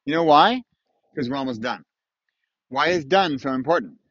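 A man hosting a self-recorded motivational monologue, playful and self-mocking, swinging between punchy lines and quiet asides. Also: on the high side, expressive, moderate pace, no room sound, muffled recording. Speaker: weekly video host. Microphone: camera mic, self-recorded.

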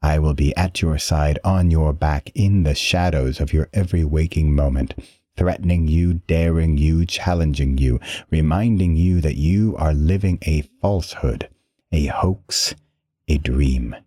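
Snide, menacing tormentor, read by a man, uppity and mocking, dark husky tone. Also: very deep voice, no room sound, clean studio sound. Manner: sneering, snarky, drawn-out threats.

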